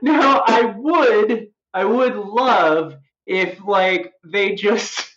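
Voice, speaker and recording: A woman's voice: medium pitch, drawn-out words, fairly bright tone. A woman co-hosting a casual podcast chat, laughing often and rambling through restarts and tangents. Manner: giggly, rambling, full of restarts. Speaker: podcast co-host. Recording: roomy, dull home mic.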